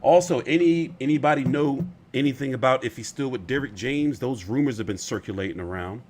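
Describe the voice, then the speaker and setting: A man's voice: mid-range voice, brisk, a little mellow, a little hiss or hum. A man hosting casual boxing commentary, rambling and opinionated, often profane.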